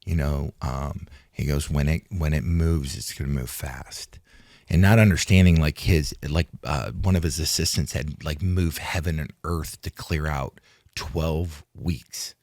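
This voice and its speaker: Casting: very low male voice, dry studio sound, rambling retired fighter recounting events. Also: a little slow, a little mellow, no echo. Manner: rambling, restarts, acts out quoted talk. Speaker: retired fighter, interview guest. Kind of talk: casual storytelling interview. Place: studio in Hollywood.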